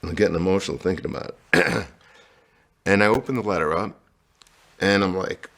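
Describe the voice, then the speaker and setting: A middle-aged man with a low, gravelly voice tells his life story. He speaks candidly and slips into the voices of the people he quotes. He comes from New Jersey. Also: animated, fairly quick, long pauses, a bit bright. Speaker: guest.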